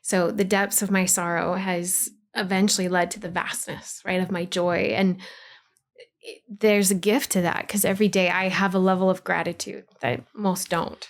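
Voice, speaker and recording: A woman's voice: lowish voice, little pitch movement, normal speed. Woman, podcast guest, heartfelt, emphatic, repeats her phrases. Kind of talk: casual conversational interview.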